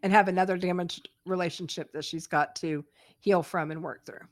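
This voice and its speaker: A woman co-hosting a podcast, agreeable and quick to laugh, often chiming in with short affirmations during casual chat. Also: lowish voice, steady tone. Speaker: podcast co-host. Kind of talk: casual reality-TV recap chat.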